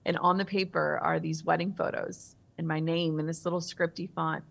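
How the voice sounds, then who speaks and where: A woman in her thirties, a guest author in an interview, telling a personal story in a vivid, animated way. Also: low-pitched, moderate pace, creaky.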